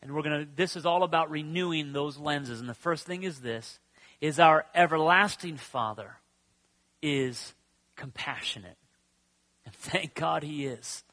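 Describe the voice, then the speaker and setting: A preacher swinging from loud to hushed. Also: male voice, fairly high pitch. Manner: swings from loud declarations to hushed near-whispers; slow, drawn-out emphasis on key words. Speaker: pastor. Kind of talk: sermon.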